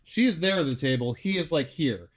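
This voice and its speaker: A man co-hosting a casual podcast chat, chatty, with lively interjections. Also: a little high, fairly quick. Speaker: podcast co-host.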